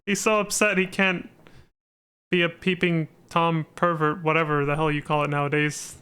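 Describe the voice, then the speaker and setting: Laid-back, swearing male streamer, high voice. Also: level tone, normal speed, sharp tone, slight background noise. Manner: laid-back, profane, laughing asides. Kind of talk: casual let's-play commentary.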